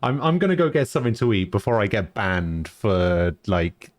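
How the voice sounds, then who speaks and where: Guy streaming a game, really low voice, jokey and self-deprecating. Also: sing-song, normal speed, dry recording. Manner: joking, self-mocking, laughs often. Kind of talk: casual live-stream gaming chat.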